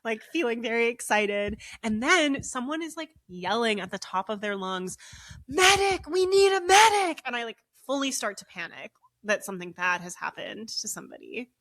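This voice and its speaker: A woman's voice: medium pitch, normal speed, few pauses, no room sound, studio quality. A young woman hosting a podcast, telling a long story in casual chat with lots of "like" fillers. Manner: animated, frequent "like" fillers. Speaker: podcast co-host.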